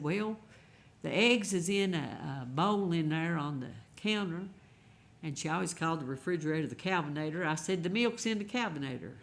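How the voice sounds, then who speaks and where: A singer-songwriter, telling a folksy, gentle story between songs at a live songwriters' round, with unhurried pauses. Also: mid-range voice.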